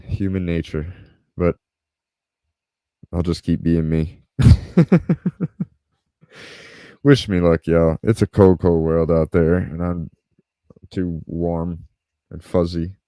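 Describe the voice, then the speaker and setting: A man's voice: deep voice, steady tone, slow, pauses often, warm tone, no room sound, studio quality. A man hosting a podcast, telling a story casually, swearing freely and acting out what others said. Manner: laid-back, swears freely, acts out quotes. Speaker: podcast host.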